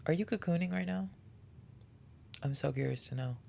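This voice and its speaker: A man's voice: a little high, normal speed, gravelly, a little mellow, a little hiss or hum. A man hosting a solo podcast, talking in an earnest, heartfelt and encouraging way, often restarting his sentences. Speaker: podcast host. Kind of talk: reflective solo podcast monologue.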